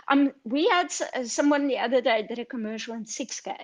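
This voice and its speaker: A woman's voice: fairly high pitch, expressive, fairly quick. A woman film editor, speaking candidly over a video call in an online Q&A, chatty and full of fillers and asides. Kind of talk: online Q&A talk.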